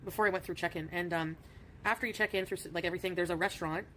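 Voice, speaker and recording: A woman's voice: fairly low pitch, steady tone, rapid-fire, a bit bright, slight background noise. A woman from Canada, co-streaming and telling chatty stories with frequent giggles. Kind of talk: casual stream chat.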